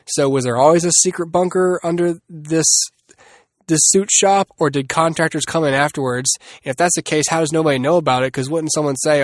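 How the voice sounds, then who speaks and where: A man's voice: a little high, steady tone, a little fast, dry recording, clean studio sound. A man hosting a solo movie review podcast, rambling and restarting often with many fillers. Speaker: podcast host.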